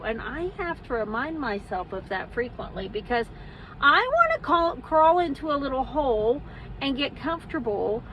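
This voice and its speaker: A woman's voice: a little high, a bit bright, a little hiss or hum. A middle-aged woman vlogging to camera as she walks, venting frankly and then giving herself a pep talk. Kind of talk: casual vlog, talking to camera while walking.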